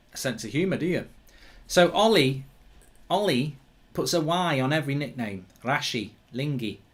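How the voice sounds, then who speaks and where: Man, live-stream host, casual, mid pitch, lots of ums. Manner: chatty, reads viewer comments aloud, many ums and restarts. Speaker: host of a football watchalong.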